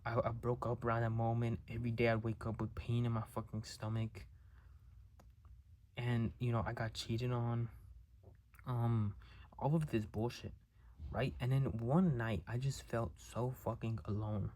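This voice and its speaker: A young man talking through a raw, halting monologue, emotional and near tears, repeating words and swearing often. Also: mid-range voice, little pitch movement, a little mellow, slight background noise. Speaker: vlogger. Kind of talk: confessional monologue to camera.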